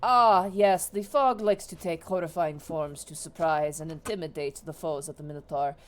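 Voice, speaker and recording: Woman doing a low-voiced, polite male drow guide for a tabletop game, formal, a bit sheepish. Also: fairly even intonation, moderate pace, lightly acted.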